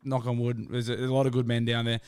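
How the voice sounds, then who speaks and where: An Australian man co-hosting a podcast, talking in quick, crude, self-mocking banter. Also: mid-range voice, flat delivery, a little mellow, clean tone, no room sound. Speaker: podcast co-host. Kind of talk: casual banter.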